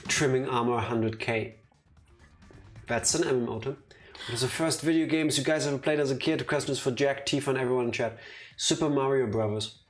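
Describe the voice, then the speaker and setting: A man who speaks English as a second language, co-hosting a game stream, playful and teasing banter, mid-pitched voice, faint game music behind him. He chats loosely and jokes with his partner throughout. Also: brisk. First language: not English. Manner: joking, teasing. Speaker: let's play co-host. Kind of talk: casual gaming chat.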